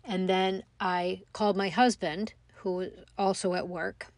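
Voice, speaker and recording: A middle-aged woman telling a personal story in a reflective, halting way, with many pauses and fillers. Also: mid-range voice, little pitch movement, dry recording. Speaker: mother telling her story.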